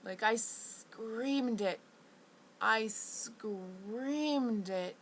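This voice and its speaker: A woman telling a rambling personal story to camera. She talks in a halting, restless way, full of restarts and fillers, and sounds indignant. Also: fairly high pitch, a bit bright, slight background noise, poor audio. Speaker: vlogger.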